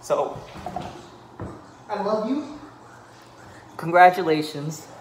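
A man's voice: high-pitched, animated, slow pace, echoey room, slight background noise. A man sending a joking, melodramatic video message to a friend, pleading for him to come home. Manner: melodramatic, joking, trails into laughter. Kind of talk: mock-dramatic video message.

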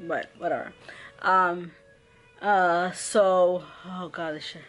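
A woman's voice: fairly low pitch, steady tone, unhurried, fairly bright tone, faint music behind. A woman vlogging casually at home with a swollen, painful ear and sore throat. She talks with her mouth barely open, a bit muffled. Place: home kitchen.

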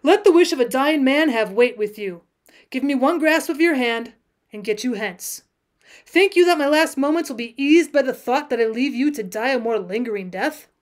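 A woman voicing a dying old male frontier hunter who speaks in a solemn, pleading, old-fashioned way, in a high voice. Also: expressive, moderate pace. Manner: solemn, pleading, archaic speech.

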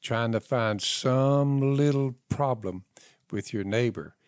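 Slow-talking older man, preachy. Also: mid-range voice, a little mellow, no room sound, studio quality. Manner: slow, preachy, quoting scripture. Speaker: podcast host. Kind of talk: casual chat.

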